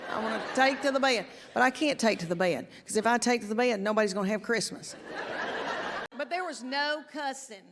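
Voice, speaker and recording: A woman's voice: on the high side, noisy background. A middle-aged woman doing a stand-up set, telling self-deprecating stories in a folksy drawl on a large theater stage. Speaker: stand-up comedian. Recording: live hall reverb, faint ambience.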